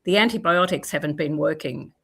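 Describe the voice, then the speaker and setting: A woman's voice: low-pitched, brisk, vocal fry, husky, exaggerated voice. A woman voicing a busy middle-aged mother, a doctor and witch, as she reads a manuscript aloud on a video call. The mother mutters to herself while she cooks. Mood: brisk.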